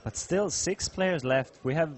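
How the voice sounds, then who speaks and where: A man commentating live poker, giving measured play-by-play and analysis. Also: on the high side. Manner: measured play-by-play, laughs easily.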